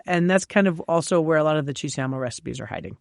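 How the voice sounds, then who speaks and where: A woman chef from New York, a guest on an interview show, telling lively stories with frequent laughs and fillers. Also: low voice, fast, creaky, dry recording, clean studio sound. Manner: animated storyteller, laughs often, many fillers. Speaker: chef and cookbook author, guest. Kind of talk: casual interview chat.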